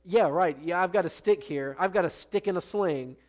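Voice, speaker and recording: A man's voice: high-pitched, moderate pace, darkish tone, natural voice. A man voicing a fearless young shepherd boy hero, talking bold, defiant trash to a giant, told during a sermon.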